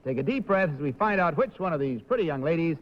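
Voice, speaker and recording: A man hosting a live television game show in a brisk, jovial way, laughing often. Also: fairly high pitch, lively intonation, highs cut off, crowd noise. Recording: 1950s TV broadcast audio, hall reverb, hiss.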